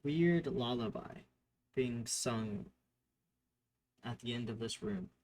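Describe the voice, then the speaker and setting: A man acting as game master describes tabletop scenes on the fly, using fillers and frequently correcting himself partway through sentences. His mid-range voice is slow and a little mellow, with a slight hiss or hum in the recording.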